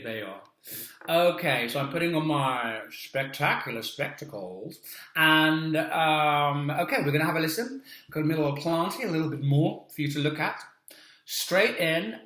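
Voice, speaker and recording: A man's voice: fairly high pitch, sharp tone, reverberant. A man in his forties hosting a casual song reaction video, chatty and playful with self-mocking asides. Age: 40s. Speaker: video host reacting to songs.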